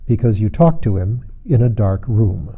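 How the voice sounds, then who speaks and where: A man reading a quiet, sharp young detective. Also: fairly low pitch, lively intonation, normal speed, husky, narrow, tinny audio, pitched below the performer's own voice. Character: young male poet-detective, curious and sharp. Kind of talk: audiobook reading.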